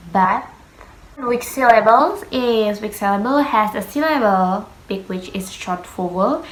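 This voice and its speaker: Slow, halting young woman presenting, echoey. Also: medium pitch. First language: Indonesian. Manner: slow, halting, careful spelling out of words. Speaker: student presenting. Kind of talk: class presentation on pronunciation. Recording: echoey room.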